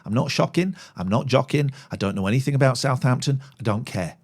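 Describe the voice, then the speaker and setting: Blunt, sweary phone-in host. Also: male voice, mid-range voice, lively intonation, brisk, slightly rough. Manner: blunt and sweary, flares into loud angry rants. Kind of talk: live-streamed phone-in talk.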